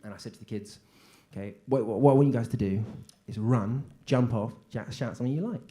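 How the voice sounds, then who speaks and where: A man performs a stand-up set on a comedy stage, telling stories in a flat way and breaking into sudden shouted lines. His voice sits at an ordinary middle pitch. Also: fast. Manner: deadpan storytelling with sudden shouted punchlines.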